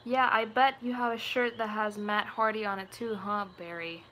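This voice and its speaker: A woman's voice: mid-range voice, fairly even intonation, normal speed, bright, forceful tone, slight background noise. A woman video creator chatting casually with her viewers, talkative and self-deprecating. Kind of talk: casual live chat.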